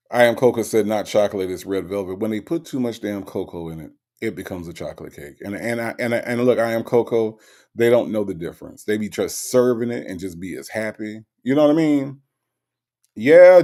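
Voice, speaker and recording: Animated man chatting on a livestream. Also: vocal fry. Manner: animated, swoops high for emphasis then drops low. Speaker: livestream host reading chat. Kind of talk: casual livestream chat.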